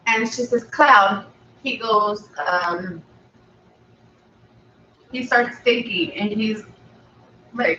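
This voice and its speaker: A woman's voice: on the high side, takes it slowly, pauses often, sharp tone, slight background noise. A woman hosting a food video, casually retelling a film story in a chatty, rambling way. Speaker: mukbang channel host. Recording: echoey room, slightly dull, from a distance.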